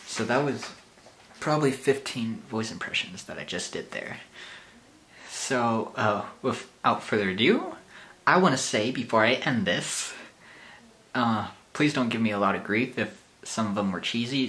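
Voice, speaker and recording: A man's voice: medium pitch, lively intonation, normal speed, fairly bright tone. A man hosting his own channel, talking casually and nervously with lots of hesitations. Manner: nervous, hesitant, many fillers and self-deprecating laughs. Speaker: channel host. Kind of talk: casual vlog talk.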